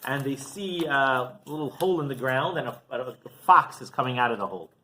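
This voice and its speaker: A rabbi giving a storytelling sermon, animated and often asking rhetorical questions. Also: male voice, medium pitch, brisk.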